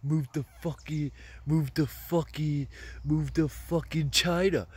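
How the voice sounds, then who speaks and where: A man's voice: on the high side, steady tone, takes it slowly, darkish tone, slightly rough, no echo, voice pushed up. A man voicing an angry, dismissive guy who tells critics to move abroad, in a heated and profane rant. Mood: mocking, heated. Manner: heated, profane, repetitive ranting.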